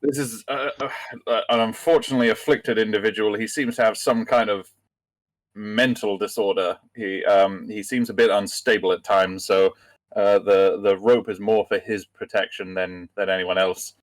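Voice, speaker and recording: A man playing a fumbling smooth-talker. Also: fairly low pitch, fairly even intonation, dry recording, close to an everyday voice, low-quality recording. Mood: evasive. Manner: hesitant, halting, full of fillers. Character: smooth-talking male rogue named Bill.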